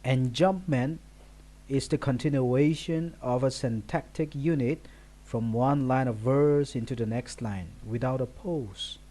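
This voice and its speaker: A man giving a recorded poetry lesson, explaining slowly and listing words one by one. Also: mid-range voice, steady tone, warm tone. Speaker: teacher.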